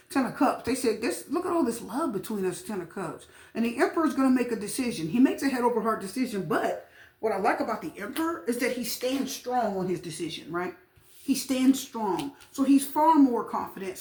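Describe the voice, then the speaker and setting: A woman giving a casual tarot reading, chatty and repetitive, often pausing with fillers. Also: on the high side, a little mellow. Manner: chatty, repeats phrases, frequent fillers. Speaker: tarot reader. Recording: echoey room with faint noise.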